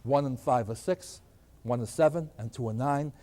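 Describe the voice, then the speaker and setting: In a recorded class, an older math teacher at a board explains arithmetic, asking questions aloud and supplying the answers. His voice is medium-pitched and warm, at a moderate pace, with long reverb from the lecture hall.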